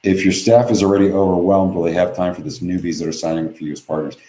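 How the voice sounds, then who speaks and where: A man's voice: sits low, fairly even intonation, fast, warm tone, roomy sound, low-quality recording. A man hosting a live webinar from home, reading viewer questions aloud and answering them bluntly and offhand. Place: home office.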